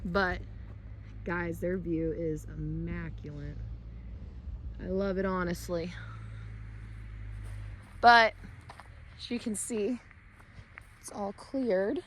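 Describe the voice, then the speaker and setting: A woman's voice: on the low side, fairly even intonation, takes it slowly, long pauses, a little hiss or hum, low-quality recording. Woman losing her voice outdoors. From United States. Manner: chatty, talking up loudly over machinery. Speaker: homestead vlogger. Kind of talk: casual walking tour vlog. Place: outdoors on rural hillside property. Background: tractor running nearby.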